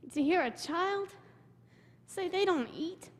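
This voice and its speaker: A young woman with a very high-pitched voice and lively intonation speaks slowly as she tells her congregation about a mission trip. Her testimony is emotional, with quotes from people she met given in her own voice, and the sanctuary adds long hall reverb.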